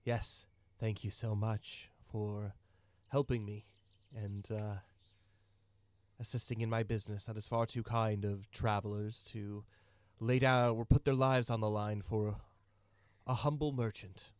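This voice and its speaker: A man's voice: lowish voice, flat delivery, measured pace, smooth, dry recording, natural voice. A man voicing an impatient, snobbish male merchant who barks orders and scolds his helpers, in a tabletop game. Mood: grateful.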